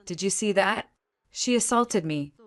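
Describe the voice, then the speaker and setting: A woman's voice: medium pitch, animated, unhurried, lightly acted. A woman voicing a spiteful, sneering woman in a family drama story, a contemptuous manner. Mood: indignant.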